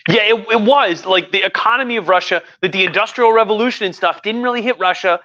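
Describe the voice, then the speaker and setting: A man's voice: sits high, quick pace, pushed and bright, no echo, muffled recording. A tipsy man, a history professor, rambling casually and profanely about history on a livestream. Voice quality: profane, rambling, lots of fillers. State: tipsy from wine.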